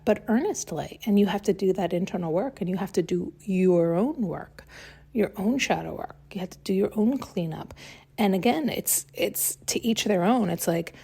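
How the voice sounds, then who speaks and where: A woman's voice: mid-range voice, creaky, dark tone, breathy edge. A woman hosting a podcast, giving a blunt, heated solo monologue during an intuitive reading and swearing freely. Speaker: podcast host.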